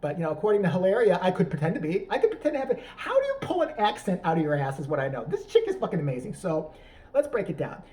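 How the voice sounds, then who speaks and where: A man's voice: high-pitched, huge pitch swings, fast talker, darkish tone, poor audio. A man hosting a profane comedic rant, crude, sarcastic and rambling. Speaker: YouTube commentator.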